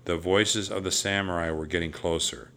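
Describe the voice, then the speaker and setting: A man narrating a children's storybook aloud in a steady, even storytelling voice. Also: sits low, moderate pace.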